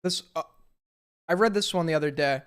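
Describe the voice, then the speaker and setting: A streamer, a man, tells jokes with a smooth, clear voice. He drags out the setups in a deadpan way, then fishes for laughs from his chat. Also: on the high side. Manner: slow deadpan buildup, fishing for laughs. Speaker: streamer host. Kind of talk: casual stream joke-telling.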